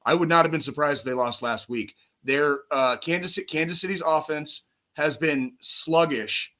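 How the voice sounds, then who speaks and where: A man in his forties, a podcast co-host, talking football in casual chat, profane and animated, on a call mic. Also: fairly high pitch, moderate pace. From United States. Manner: profane, animated sports ranting.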